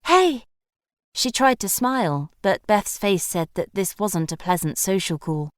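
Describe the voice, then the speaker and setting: A woman narrating an audiobook in an even, measured scripted read. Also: on the low side, no room sound, studio quality.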